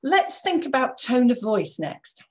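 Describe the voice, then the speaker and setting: A woman leading a live online training session, lively and encouraging, who keeps checking in with her listeners. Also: high voice, unhurried. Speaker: corporate trainer.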